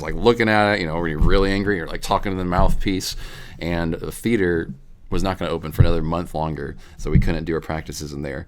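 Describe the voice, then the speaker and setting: A man's voice: sits low, fairly even intonation, quick pace. A young man co-hosting a casual talk show, rambling and laughing as he tells a story. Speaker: podcast co-host.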